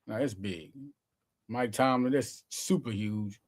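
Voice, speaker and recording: A man's voice: lowish voice, slow. A man hosting his own sports show, giving casual, slangy, emphatic commentary straight to his viewers.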